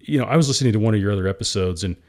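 A man's voice: on the low side, very fast, darkish tone. A man, a company founder, candidly telling his story as a guest in an interview, earnest and emotional.

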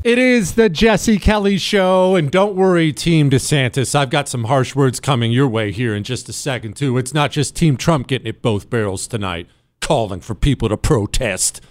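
A man's voice: medium pitch, moderate pace, no echo. A man hosting a talk radio show, giving an angry, emphatic political monologue and repeating words for stress.

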